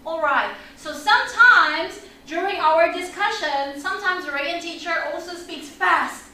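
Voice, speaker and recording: A woman teaching an online English lesson for children, energetic and upbeat, leading repeat-after-me drills. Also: extremely high pitch, unhurried. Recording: echoey room, mic at a distance.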